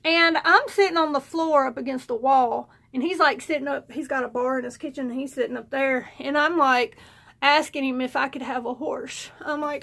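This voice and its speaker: High, gravelly woman vlogger. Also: moderate pace. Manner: rambling and animated, with frequent fillers and laughs. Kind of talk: casual storytelling.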